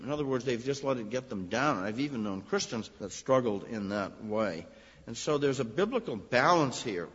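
A man preaches a sermon in a husky voice of middle pitch, moving from relaxed storytelling to emphatic, rising points. The sound is dull and lo-fi and rings with a long reverb, like a church sanctuary. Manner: conversational storytelling with emphatic rises. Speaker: minister.

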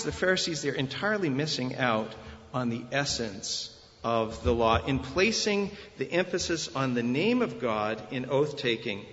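Man, preacher, expository sermon, emphatic delivery, fairly high voice, church hall echo. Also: fairly bright tone. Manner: emphatic, rising and falling to stress scripture. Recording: dull sound with long hall reverb.

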